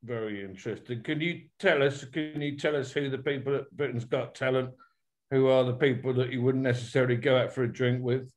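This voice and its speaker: A man hosting an interview, asking careful, measured questions in a conversational style. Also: mid-range voice, fairly even intonation. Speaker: interview host.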